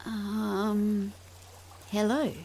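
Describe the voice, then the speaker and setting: A man putting on a timid high-voiced girl rat. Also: big pitch swings, normal speed, slight background noise, heavily acted. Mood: nervous. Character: nervous young female rat. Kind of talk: storybook narration.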